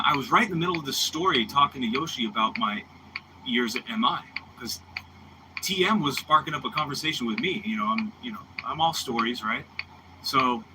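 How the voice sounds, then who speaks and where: A man in his thirties, a bassist, telling backstage stories in a rambling, animated way, full of "dude" and "man.". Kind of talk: casual chat. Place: studio room. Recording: clearly noisy background with ticking.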